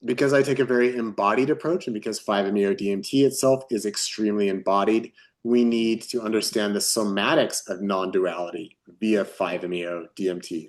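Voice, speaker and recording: Low-voiced man presenting a webinar. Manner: asks long strings of rhetorical questions. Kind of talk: explaining a training course. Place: at a desk with a pen in hand.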